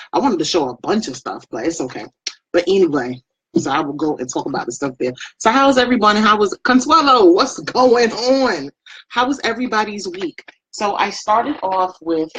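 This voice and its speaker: A woman's voice: deep voice, slightly rough, poor audio. A woman doing a chatty, rambling makeup live stream, greeting her viewers by name. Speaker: makeup vlogger and beauty product presenter. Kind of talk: casual live-stream chat.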